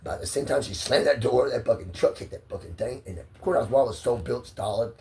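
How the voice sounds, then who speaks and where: A man's voice: medium pitch, quick pace, a little mellow, far from the mic. A man telling a long, profane, rambling story, laughing at his own tale and swearing constantly.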